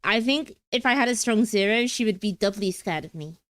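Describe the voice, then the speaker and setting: A playful young woman with a British accent, chatting casually on a stream with giggly, stumbling restarts. Her voice is mid-pitched and dry, close to the mic. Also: animated, brisk, dry recording.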